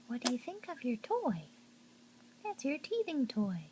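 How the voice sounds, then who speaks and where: A mother talking to her infant in gentle, coaxing baby talk. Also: high voice, big pitch swings, unhurried, slight background noise. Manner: sing-song, gentle and coaxing.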